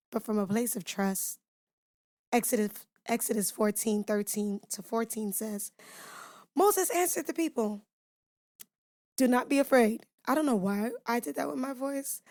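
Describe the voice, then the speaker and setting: Her voice on the high side and captured at studio quality without echo, a devotional podcast host teaches scripture in an emphatic, preacherly cadence. She talks to listeners directly and casually, putting rhetorical questions to them.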